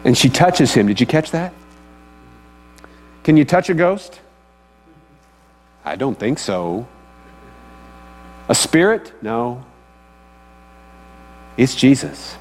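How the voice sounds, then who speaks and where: Taking it slowly with long pauses, this pastor speaks at medium pitch with lively intonation. His sermon is conversational, and he often asks his listeners questions. The recording has long hall reverb and faint mains hum.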